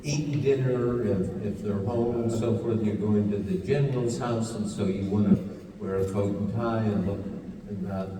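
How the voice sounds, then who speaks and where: A man's voice: lowish voice, fairly even intonation, normal speed, recorded from a distance, background noise. An older man, a journalist, telling a story with dry humor at a live public talk. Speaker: journalist and panel speaker. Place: event hall with audience. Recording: echoey hall recording from afar.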